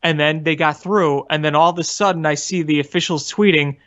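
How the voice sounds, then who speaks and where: Male podcast co-host, earnest, self-deprecating storyteller; somewhat high voice, muffled recording. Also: steady tone, a little fast, fairly bright tone. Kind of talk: casual sports chat. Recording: dull lo-fi audio.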